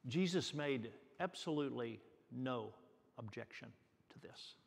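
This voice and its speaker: Male pastor, fairly high voice, unhurried earnest sermon, long church reverb. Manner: earnest, repeats words for emphasis. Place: church sanctuary.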